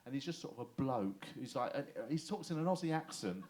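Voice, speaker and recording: An English man performing a lively stand-up comedy set on a club stage, chatty and swearing, often checking in with the crowd. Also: medium pitch, fairly quick. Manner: chatty, animated, swears and asks the crowd "right?".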